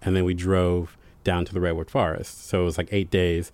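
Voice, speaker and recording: A young man telling a personal story in conversation, animated and self-deprecating, breaking into voices of other people. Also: sits low, fairly quick, smooth, no room sound. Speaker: guest.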